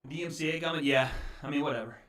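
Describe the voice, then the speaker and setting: A man hosts a laid-back livestream from a home setup, talking straight to his viewers through a desk mic. His voice sits a little high for a man, and his talk is loose and slangy, full of "bro" and "dude.". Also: a bit bright. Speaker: livestream host. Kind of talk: casual livestream chat with viewers. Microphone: desk mic with mixer.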